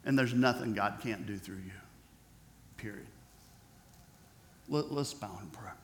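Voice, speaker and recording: A man's voice: lowish voice, a little slow, a little hiss or hum. A man preaching a sermon as pastor, emphatic and repetitive, building intensity on key phrases. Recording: echoey church hall.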